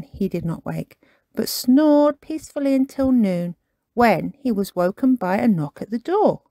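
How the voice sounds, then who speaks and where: A woman reading a children's storybook aloud, her voice rising and falling with lively expression. Her pitch sits in the middle range, and the recording is close and dry. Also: dry recording. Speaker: storytime reader.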